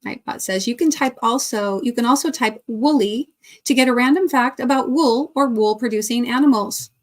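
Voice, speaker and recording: A woman's voice: on the high side, normal speed. A woman hosting a casual livestream, chatting and greeting viewers by name between laughs. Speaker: crochet livestream host. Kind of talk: casual livestream chat reading viewer comments.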